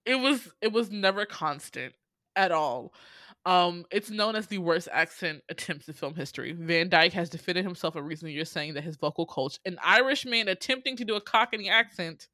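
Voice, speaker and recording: A woman's voice: on the low side, lively intonation, normal speed, bright, forceful tone, no echo. A young woman hosting a casual chat, reading out film trivia with sassy asides and frequent ums. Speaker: podcast host.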